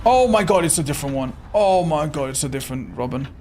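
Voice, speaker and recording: A man's voice: a little high, animated, fast talker, a little mellow. A young man streaming live gameplay commentary, swearing a lot and breaking into frustrated outbursts. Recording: noisy stream with game sound.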